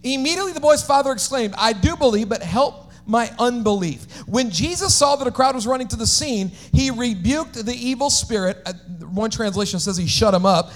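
A man preaching a sermon as pastor, swinging between shouted, sing-song climaxes and quiet, conversational asides. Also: very high-pitched, lively intonation, a little fast, few pauses.

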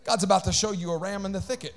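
High-voiced man preaching a fiery sermon. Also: racing. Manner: builds to shouted, sing-song preaching with call-outs to the congregation; acts out voices and jokes between points. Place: church.

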